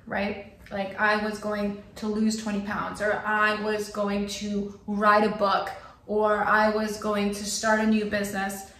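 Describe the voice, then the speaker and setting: A woman's voice: mid-range voice, little pitch movement, a little slow, fairly bright tone, roomy sound, a little hiss or hum. A woman vlogger giving an earnest motivational talk to camera, repeating phrases for emphasis. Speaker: lifestyle vlogger.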